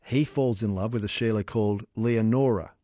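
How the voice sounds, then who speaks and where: A man hosting an evening radio show in a studio, joking playfully with quick asides. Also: lowish voice, mellow, dry recording. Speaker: radio host. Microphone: studio microphone.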